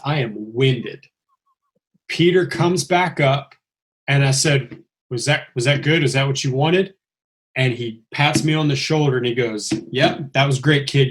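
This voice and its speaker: A man casually telling a long story on a podcast, acting out the lines he quotes. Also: mid-range voice. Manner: animated, acts out quoted lines with a raised voice. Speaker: stuntman telling his story.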